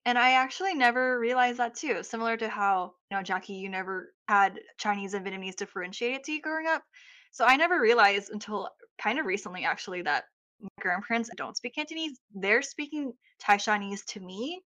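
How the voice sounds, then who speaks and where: A woman's voice: mid-range voice, fairly quick, bright, forceful tone. A young woman in casual chat, explaining reflectively as a podcast co-host.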